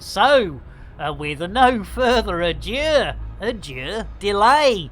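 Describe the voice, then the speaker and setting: A man's voice: high-pitched, big pitch swings, takes it slowly, fairly bright tone. A man commentating his live game stream with jokey, punning banter for his viewers.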